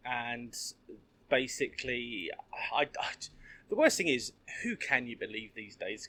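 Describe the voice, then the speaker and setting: Hesitant mid-pitched man. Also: fairly bright tone. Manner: hesitant, many fillers, exasperated. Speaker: podcast guest. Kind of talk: casual football podcast chat.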